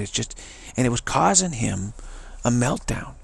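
A man from California casually telling a rambling personal story, full of repeats and fillers, acting out others' lines in a higher voice. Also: very animated, a little slow, gravelly, hardly any pauses, husky. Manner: digressive, repeats words, many "you know" and "like"; acts out other people's quoted voices in a higher pitch.

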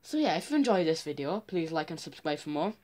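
A man's voice: fairly high pitch, very animated, fast, darkish tone. Self-mocking teenage boy vlogger. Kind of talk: casual reaction commentary.

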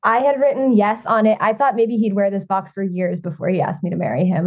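A woman's voice: mid-range voice, fairly even intonation, a little fast. A woman, a podcast guest, recounting her side of a story in a casual, giggly way. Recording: dull lo-fi sound.

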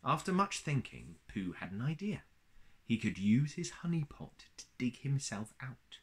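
A children's story is read aloud by a man whose mid-range voice stays gentle and expressive, his pace measured.

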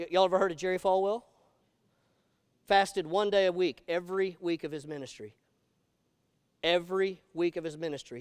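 A male pastor preaching a sermon to his congregation, animated and emphatic, often asking the room questions. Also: sits high, clear, resonant tone, dry recording, clean studio sound. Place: church sanctuary.

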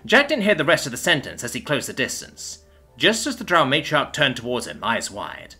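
A man narrating a sci-fi school story in an expressive reading voice. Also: mid-range voice, moderate pace, breathy edge, soft background music. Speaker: narrator and author.

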